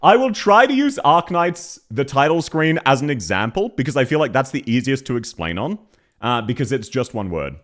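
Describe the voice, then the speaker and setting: Animated Australian man reviewing accents. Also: mid-range voice, normal speed. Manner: animated, mocking imitations, frequent laughter. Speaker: streamer reviewing game voice lines. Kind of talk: casual commentary.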